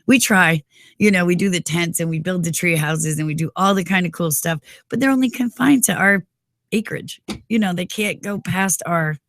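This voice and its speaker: A woman's voice: on the low side, normal speed, a bit bright, no room sound, clean studio sound. A woman in her forties from New York, co-hosting a radio morning show and talking emphatically, sprinkled with "you know". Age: 40s. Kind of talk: casual talk radio chat. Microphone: studio mic.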